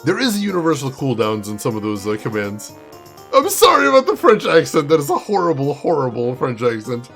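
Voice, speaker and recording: A man's voice: mid-range voice, huge pitch swings, a little fast, vocal fry, fairly bright tone, faint music behind. A man playing through an old adventure game and chatting casually to viewers about it, amused by the jokes. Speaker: game streamer. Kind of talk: let's play commentary.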